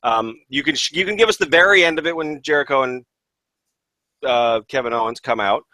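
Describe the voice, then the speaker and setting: A man's voice: medium pitch, fairly quick, pushed and bright, no room sound. A man co-hosting a casual wrestling podcast, talking thoughtfully and hedging his points. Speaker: podcast co-host.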